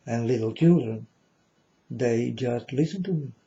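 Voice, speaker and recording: The audio cuts off the highs as a self-styled spiritual speaker talks in a warm, medium-pitched voice, a little slowly. His casual monologue is rambling and profane, with many "you know"s and non-native grammar.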